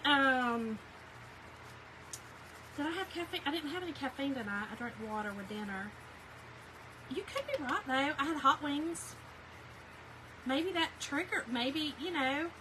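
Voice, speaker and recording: A middle-aged woman chats casually with viewers during a live craft stream from her home craft room, her high voice pushed and bright. She talks straight to her audience, reading out and answering chat comments, on a low-quality recording with slight background noise.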